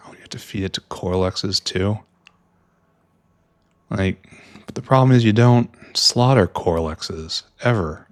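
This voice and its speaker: A man with a low, deep voice talks slowly through a game he is playing, rambling and thinking aloud. He makes wry little asides and often drops into quiet mutters to himself. The sound is dry and close to the mic. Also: no room sound. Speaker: gameplay streamer. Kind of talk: casual let's-play commentary.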